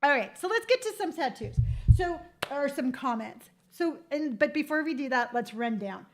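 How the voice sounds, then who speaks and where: An older woman chatting frankly to camera as a vlogger, giving tattoo advice with quick asides and playful quoted voices. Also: sits high, expressive. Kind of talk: casual chat to camera.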